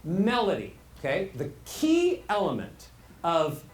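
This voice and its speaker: A man teaching a live workshop as a voice coach, animated and demonstrative, asking his audience questions. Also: high voice, slow. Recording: roomy echo, faint hall ambience.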